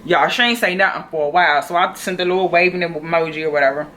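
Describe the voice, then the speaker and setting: A woman, telling a personal story to her phone camera in an animated, chatty way. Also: on the low side, fast, a little hiss or hum. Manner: chatty, animated, addresses viewers as y'all. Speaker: vlogger.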